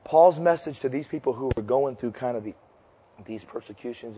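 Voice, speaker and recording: A pastor in his 50s preaches a sermon, telling stories loudly and shouting the punchlines before dropping low and slow to drive home his point. His voice is slightly rough, and the sound is that of a big room.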